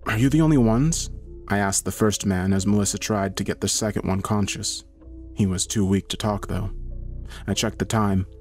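Low-voiced male horror narrator. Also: level tone, moderate pace, soft background music. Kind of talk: scripted horror story narration.

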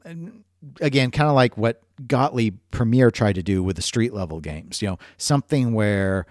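A man's voice: fairly low pitch, expressive, normal speed, darkish tone, no room sound, clean studio sound. A man hosting a casual podcast chat, talking in a digressive, jokey way. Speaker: podcast host.

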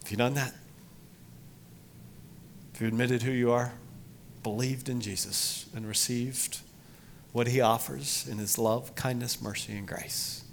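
A middle-aged man preaching a sermon to his congregation, emphatic, rising loud for emphasis and then dropping low. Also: steady tone, measured pace, gravelly, long pauses, slight background noise. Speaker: pastor.

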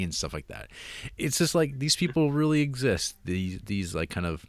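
A man co-hosting a podcast, chatting casually about a movie with quick asides. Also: sits low, big pitch swings, dry recording. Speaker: podcast co-host. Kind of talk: casual movie review chat.

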